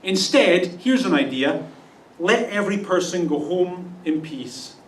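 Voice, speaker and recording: A man playing a blunt male prophet who gives frank, drawn-out warnings, heard from a distance in a church. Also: sits high, lively intonation, slight background noise. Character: blunt male prophet delivering bad news. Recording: roomy church sound from a distance.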